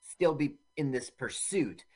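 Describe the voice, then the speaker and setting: A podcast co-host in casual chat about a film, making thoughtful, measured remarks. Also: medium pitch, lively intonation, a little mellow, slightly rough.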